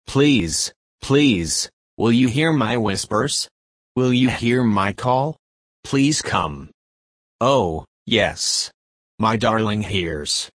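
A man voicing an adoring divine bridegroom in a devotional reading, slow and pleading, lingering on each phrase. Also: lowish voice, lively intonation, a bit bright, no echo, clean studio sound, heavily acted. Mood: yearning. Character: adoring divine male bridegroom, yearning and tender.

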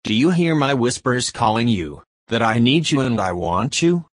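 A man voicing an adoring divine bridegroom in a devotional reading, slow and pleading, lingering on each phrase. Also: mid-range voice, big pitch swings, dry recording. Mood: yearning. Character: adoring divine male bridegroom, yearning and tender.

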